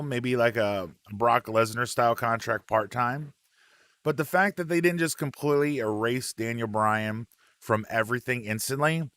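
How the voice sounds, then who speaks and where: A man hosting a relaxed live wrestling chat, reading out viewer comments with plenty of ums and uhs. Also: mid-range voice, dry recording.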